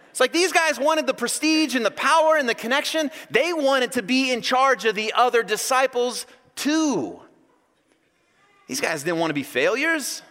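Male pastor, sermon, bright high voice, jokey and animated, in a reverberant church hall. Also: moderate pace. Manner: animated, joking storyteller.

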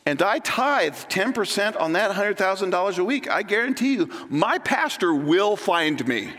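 A man voicing a calm, unbothered rich man relaxing against a palm tree. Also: high voice, moderate pace, long reverb tail, pitched above the performer's own voice. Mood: smug calm. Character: calm, smug rich man lounging at ease.

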